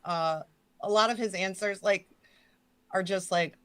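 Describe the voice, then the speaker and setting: A woman hosting a casual live stream, chatting loosely and swearing, with jokey shout-outs to her chat. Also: medium pitch, fairly even intonation, a little slow, no echo. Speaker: stream host.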